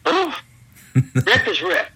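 A middle-aged man with a husky, sharply bright voice recounts his wrestling days to an interviewer. He acts out the people he quotes with loud bursts, and the sound has a thin phone-line quality. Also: sits high, slow pace. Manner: animated storyteller, acts out quotes loudly. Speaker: guest, former pro wrestler. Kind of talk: storytelling interview.

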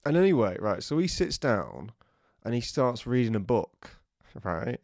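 A man co-hosting a podcast, telling a lively anecdote, acting out quotes and laughing often. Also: mid-range voice, measured pace, no room sound, studio quality. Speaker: podcast co-host. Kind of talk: casual storytelling chat.

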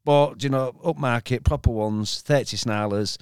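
A man's voice: medium pitch, normal speed, smooth, no room sound, clean studio sound. A man, telling a rambling, stop-start anecdote full of repeats and swearing on a podcast. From Hull, England. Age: 50s. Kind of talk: casual chat, anecdote telling.

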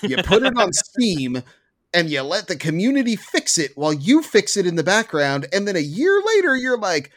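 A man's voice: sits high, very animated, normal speed, few pauses, a bit bright. A man co-hosting a gaming podcast, ranting with profane sarcasm at his desk mic. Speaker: podcast co-host. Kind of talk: casual chat, ranting.

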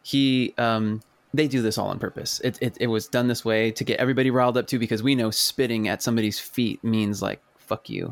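A man in casual conversation about films, talking in a rambling, animated way with many restarts and the odd curse. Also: mid-range voice, brisk, no room sound. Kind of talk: casual film discussion.

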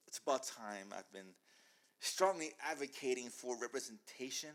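A man hosting a casual podcast chat, excitable and animated, often talking over his co-hosts. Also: medium pitch, moderate pace. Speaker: podcast host.

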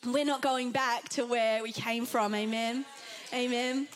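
A woman's voice: fairly high pitch, fairly even intonation, unhurried, soft background music. A young Australian woman preaching an earnest, chatty Pentecostal sermon to a congregation. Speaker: guest preacher.

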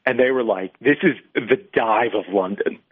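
A radio show guest phones in, his mid-range voice moving at a moderate pace through the thin, tinny line. The talk is relaxed as he works through a lengthy story, laughing with the hosts.

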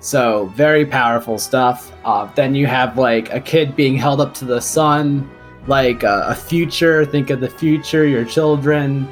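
A man's voice: medium pitch, a little slow, faint music behind. A young man co-hosting a podcast, thinking aloud about a film with frequent uhs and restarts. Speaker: podcast co-host. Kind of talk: casual film discussion.

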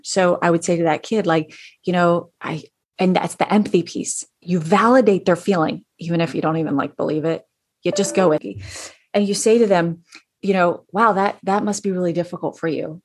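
A woman's voice: lowish voice, fairly quick, a little mellow. A middle-aged woman in casual advice talk, speaking as a school educator to parents, chatty with many fillers and restarts.

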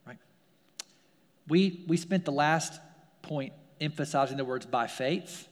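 A man's voice: on the high side, slow, long pauses, big-room sound. A man, a pastor, preaching a sermon in a casual, conversational way, full of fillers and repeated phrases. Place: church sanctuary.

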